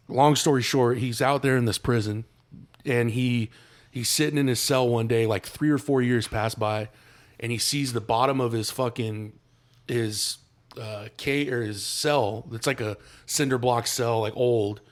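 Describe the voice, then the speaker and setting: Man, podcast co-host, mid-pitched voice, loose slangy storytelling, swears a lot. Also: steady tone, unhurried. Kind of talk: casual chat, retelling a movie plot.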